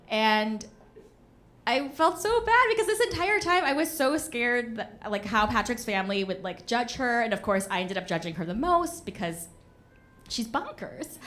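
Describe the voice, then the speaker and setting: A young woman telling a comedic story on a stage in front of an audience, animated, punchy and often laughing. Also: a little high. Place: stage of a live venue before an audience.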